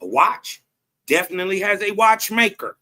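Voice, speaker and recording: A man's voice: high-pitched, very animated, moderate pace, sharp tone. A man, commenting on a debate clip in an emphatic, preachy way that keeps asking "right?". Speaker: host reacting to a clip.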